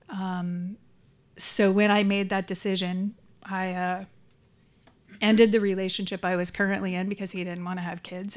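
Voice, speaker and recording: Middle-aged woman, recovery meeting share, hesitant and candid, level monotone delivery. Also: medium pitch. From San Francisco Bay Area. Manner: hesitant, frequent ums, candid and reflective. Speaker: support group speaker. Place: meeting room.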